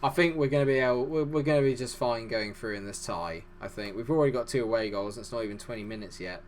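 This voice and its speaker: A man giving fast, excitable live commentary over a football management game, chatty and self-deprecating. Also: medium pitch, a little hiss or hum. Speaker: gaming YouTuber.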